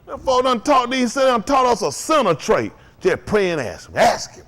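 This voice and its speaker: A man preaching to a congregation, calling out to them and rising to shouts. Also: very high voice, big pitch swings, normal speed. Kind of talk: sermon.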